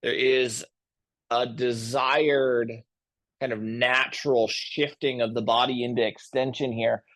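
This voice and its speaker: Brief: unhurried man leading a gentle yoga class, mid-pitched. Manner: slow, calm and gentle. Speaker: yoga instructor. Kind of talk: guided yoga class with storytelling.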